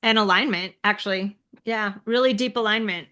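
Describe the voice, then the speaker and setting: A woman's voice: medium pitch, moderate pace, bright, forceful tone. A woman guest on a podcast talking candidly and reflectively in a casual interview, often breaking into laughter. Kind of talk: conversational interview.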